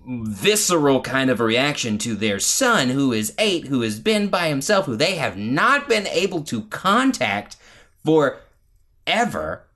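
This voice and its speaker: Guy arguing about a movie with his friends, voice jumps all over the place, super animated. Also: mid-range voice, a little slow. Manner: animated, argues his point with acted-out quotes. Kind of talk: casual movie discussion.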